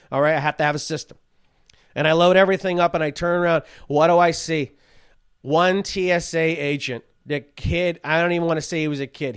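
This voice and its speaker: High, smooth-voiced man ranting profanely. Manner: swearing, rambling storyteller with frequent restarts. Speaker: podcast host. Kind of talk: profane comedic rant.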